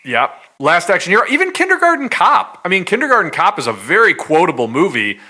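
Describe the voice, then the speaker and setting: A man co-hosting a podcast, arguing his points in lively casual chat. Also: sits high, fast talker. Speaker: podcast co-host.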